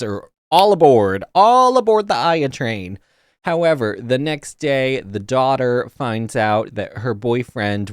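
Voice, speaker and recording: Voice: mid-range voice, no room sound. Exasperated film reviewer, dry sound. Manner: exasperated, animated, many fillers. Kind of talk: casual spoiler review.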